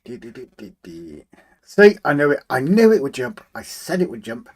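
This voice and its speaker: A man hosting a relaxed live stream, chatting, greeting viewers by name and humming to himself as he works on a model railway. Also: medium pitch, moderate pace. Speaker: livestream host. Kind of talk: casual live chat, reading out viewer comments.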